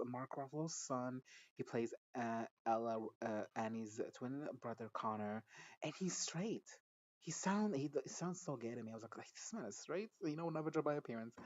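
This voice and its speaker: A man's voice: medium pitch, darkish tone, lo-fi sound. A man giving a casual recap and reaction to a TV episode, chatty, gossipy and profane, laughing often. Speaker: show reviewer.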